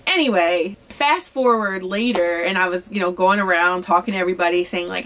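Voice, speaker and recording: A young adult woman from Philadelphia tells a personal story to her vlog audience. She is casual and candid, with a lively, animated delivery. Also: mid-range voice, brisk, few pauses. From Philadelphia, USA. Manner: chatty, candid, animated, quotes people in lively voices. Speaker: singer-songwriter vlogger.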